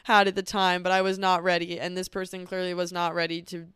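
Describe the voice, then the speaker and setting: A woman's voice: lowish voice, level tone, a little fast, a bit bright, clear, resonant tone, no room sound, clean studio sound. A woman hosting a podcast, talking candidly and earnestly about her feelings in a personal monologue. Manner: earnest and emotional, speaking frankly about feelings. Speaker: podcast host.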